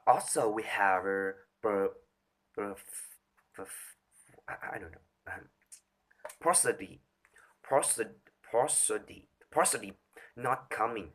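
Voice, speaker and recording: Slow, halting man reciting a speech. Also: on the low side, a bit bright, breathy edge. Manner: halting, stumbling over words and restarting often. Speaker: speaker rehearsing a talk on voice.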